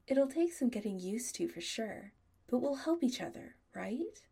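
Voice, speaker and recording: A woman's voice: on the high side, sing-song, moderate pace, creaky, mellow, husky, pitched above the performer's own voice, full character voice. A woman voicing a protective young male werewolf, tender but firm, in audiobook dialogue. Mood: warm.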